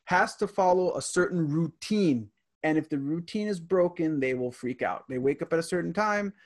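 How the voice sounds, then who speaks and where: A man with a slightly high voice talks at a moderate pace on a podcast. He's a teacher, reading items off a list aloud and adding stories from his classroom.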